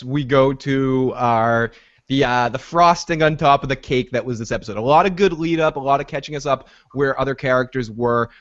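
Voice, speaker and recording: A man co-hosting a podcast, recapping a TV episode in animated, casual chat, swearing freely. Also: medium pitch, dry recording, dull audio. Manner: animated, retells scenes with frequent swearing. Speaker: podcast co-host.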